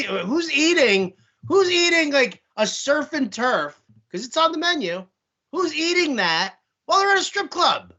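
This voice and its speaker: A man's voice: high voice, bright, forceful tone, highs cut off. A man co-hosting a podcast, chatting casually in a rambling, joking way full of fillers. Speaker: podcast co-host. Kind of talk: casual banter.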